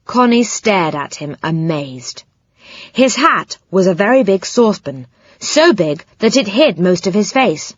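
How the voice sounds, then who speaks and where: A woman reading a children's audiobook with a clear storytelling delivery. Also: medium pitch, animated, unhurried, dry recording. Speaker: audiobook narrator. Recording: slightly muffled, dry sound.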